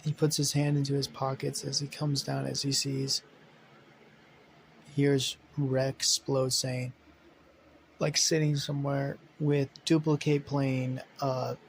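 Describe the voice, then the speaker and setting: A man's voice: medium pitch, flat delivery, slow pace, gravelly, a little hiss or hum, low-quality recording. A man casually narrating an improvised superhero story, rambling with many fillers, self-corrections and swearing.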